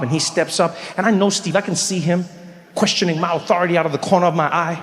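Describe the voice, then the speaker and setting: A male stand-up comedian telling a story in an animated, exasperated way, rising to shouts. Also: high voice. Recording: echoey hall with faint noise.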